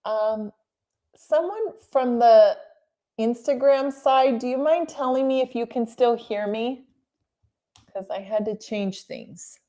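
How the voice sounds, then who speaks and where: A middle-aged woman reading her own book on a live stream and chatting warmly with viewers between passages. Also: fairly high pitch, takes it slowly. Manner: warm, gushing, chats with viewers between passages.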